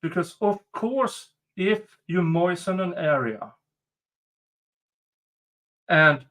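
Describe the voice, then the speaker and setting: Man, Swedish accent, live stream host, sarcastic, swears, slow delivery, slightly high voice. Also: a bit bright. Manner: joking, sarcastic, swears freely. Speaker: livestream host commenting on a trial. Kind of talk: casual live commentary.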